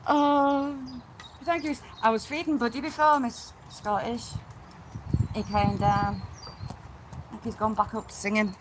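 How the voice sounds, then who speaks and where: A blunt, chatty woman hosts a casual live stream from home. Her voice sits fairly high. The recording is noisy, with dogs heard in the room around her. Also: takes it slowly, long pauses. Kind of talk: casual chat reading viewer comments.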